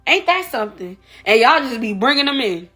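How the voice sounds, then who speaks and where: High, bright-voiced woman ranting. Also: big pitch swings, fairly quick, slightly rough, faint music behind. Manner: emphatic, repeats rhetorical questions, addresses viewers as y'all. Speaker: vlogger. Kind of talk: opinion rant to camera.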